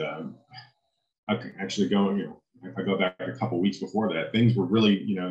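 A man with a very low voice tells his personal faith story as an interview guest. He speaks earnestly and haltingly, often pausing to find his words. The recording carries the echo of a roomy space.

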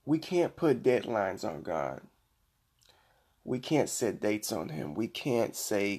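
A middle-aged man hosting a Christian devotional podcast, preaching earnestly and slowing down to read scripture. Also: lowish voice, big pitch swings, darkish tone. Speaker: podcast host.

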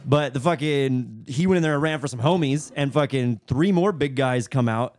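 A man's voice: mid-range voice, moderate pace, darkish tone, faint music behind. A man co-hosting a podcast, telling a story casually with swearing and laughs. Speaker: podcast co-host.

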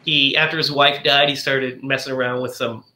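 A man's voice: mid-range voice, little pitch movement, moderate pace, sharp tone, reverberant. A man chatting casually on a podcast, retelling a film plot in a rambling way, full of "like" and "you know".

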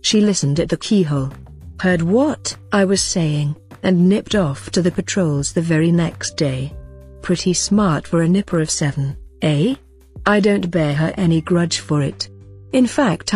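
A servile, frightened middle-aged man, read by a woman narrator pleads and preaches in turn. His voice sits low and a bit husky. Faint music runs under this audiobook. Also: unhurried, a little mellow. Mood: proud. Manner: blubbering, servile, then sententious.

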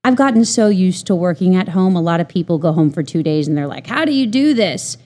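Chatty woman audiobook narrator, low voice. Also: fairly even intonation, fast talker, mellow. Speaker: audiobook narrator, interview guest. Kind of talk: casual interview answers.

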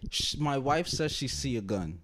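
A man's voice: mid-range voice, expressive, moderate pace, fairly bright tone, slight background noise. A man co-hosting a podcast who tells stories in casual chat and laughs easily. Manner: storytelling, laughs, does funny voices. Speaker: podcast co-host.

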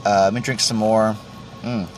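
A man hosts his own podcast in a casual solo rant, rambling and poking fun at himself as he tastes tea, swearing a lot and tripping over restarts. His voice sits on the low side, with a steady tone at a normal speed. Soft music plays in the background.

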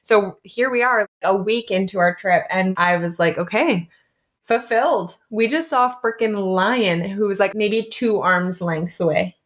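A woman's voice: medium pitch, moderate pace, hardly any pauses. Chatty young woman telling travel stories. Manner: animated storytelling with lots of "like" and "basically". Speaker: co-host recounting travels. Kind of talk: casual chat.

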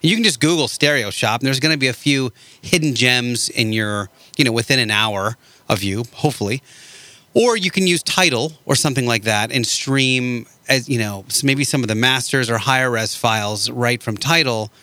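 A podcast host with a bright, forceful voice that keeps probing with follow-up questions. He speaks at a middling pitch in a loose, casual chat. The recording is dry and close, with no room echo. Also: moderate pace. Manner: inquisitive, keeps asking follow-ups.

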